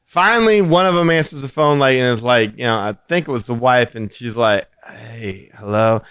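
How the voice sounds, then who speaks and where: A man co-hosting a podcast, telling a story in casual chat and acting out quotes in a high voice. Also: brisk, smooth, no echo. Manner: animated, acts out quotes in a high voice. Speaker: podcast co-host.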